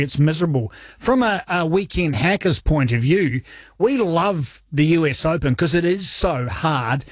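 A man's voice: a little high, dry recording, clean studio sound. A man interviewing a golfer for a broadcast, asking leading questions with a joking touch.

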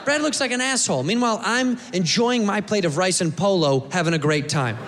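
Loud, profane American stand-up comic. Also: male voice, high voice, lively intonation, a little fast, long reverb tail, background noise. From United States. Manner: loud, profane, acts out characters. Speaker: stand-up comedian. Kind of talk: stand-up comedy set.

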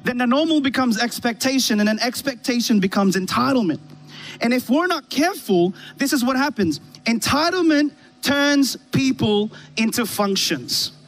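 High-voiced man preaching a casual sermon. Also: lively intonation, moderate pace, a bit bright, poor audio. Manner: storytelling with rhetorical questions to the congregation. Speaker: pastor. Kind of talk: conversational sermon. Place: church stage with a worship band. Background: faint keyboard pad music.

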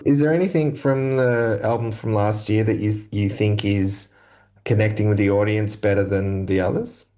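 A man's voice: lowish voice, fairly even intonation, moderate pace, dark tone. A man interviewing a musician, asking short casual questions with brief friendly replies.

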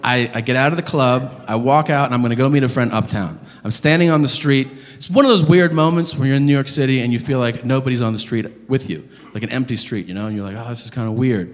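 A man doing a stand-up comedy routine, telling a story in an animated, profane, incredulous way. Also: mid-range voice, fast talker, few pauses. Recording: live club, reverb, audience noise. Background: audience laughter.

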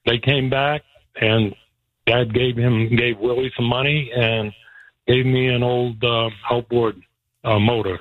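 A man's voice: mid-range voice, dry recording. A man telling a folksy story with frequent chuckles, emotional as he speaks. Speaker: guest. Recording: tinny phone line.

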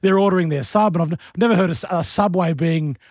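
A man's voice: high voice, quick pace, darkish tone, no room sound. A man with an Australian accent co-hosting a radio show in a studio, telling stories in playful, chatty banter. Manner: chatty storyteller, playful, laughs often. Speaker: radio co-host. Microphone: studio mic.

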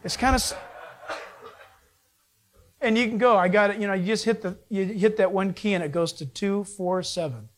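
A male pastor preaching a sermon, animated, voice rising with emphasis and dropping low and quiet at phrase ends. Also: moderate pace, pauses often. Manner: animated preaching, pitch swings up and down.

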